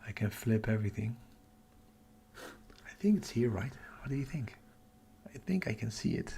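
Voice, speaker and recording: Gravelly excited man thinking aloud. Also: mid-range voice, normal speed, a little hiss or hum. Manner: excited, thinking aloud, drops to a whisper at times. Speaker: astronomy livestream host. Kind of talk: live-streamed casual chat. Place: home at night.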